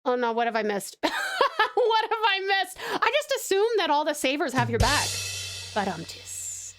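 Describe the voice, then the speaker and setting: Bubbly Australian woman streamer, high voice. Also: big pitch swings, unhurried, pauses often, fairly bright tone, soft background music. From Tasmania, Australia. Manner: bubbly, giggly, gasps and laughs often; affectionate with viewers. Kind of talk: casual live-stream chat.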